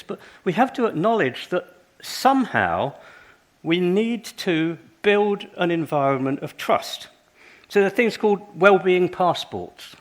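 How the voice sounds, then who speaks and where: An older man giving a conference talk, telling stories and acting out little dialogues. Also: fairly high pitch. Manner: lively storytelling, acts out dialogues. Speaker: conference speaker.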